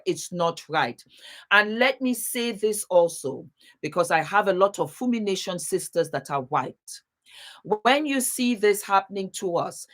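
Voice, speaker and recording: A woman hosting a casual live stream, greeting viewers warmly by place and laughing often as she chats. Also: lowish voice. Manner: warm, chatty, calls viewers baby and beautiful. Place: home, seated.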